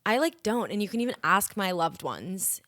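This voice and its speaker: A young woman co-hosting a podcast in casual chat, giggly and animated, saying "like" a lot. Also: mid-range voice, moderate pace, no room sound, clean studio sound. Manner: giggly, animated, heavy use of "like". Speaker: podcast co-host.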